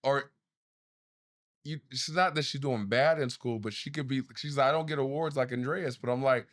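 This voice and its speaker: A man's voice: medium pitch, moderate pace, dry recording, clean studio sound. Man telling a heated parenting story. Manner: storytelling, swearing freely, voice rising as he gets worked up. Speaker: podcast co-host. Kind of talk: casual chat.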